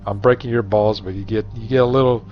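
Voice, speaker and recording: Middle-aged man, deep-ish voice, profane wisecracking gamer chat, muffled lo-fi audio, soft music bed. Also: steady tone, fast talker. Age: 40s or 50s. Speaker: gamer streaming. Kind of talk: casual rambling gaming chat. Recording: dull lo-fi recording, faint music.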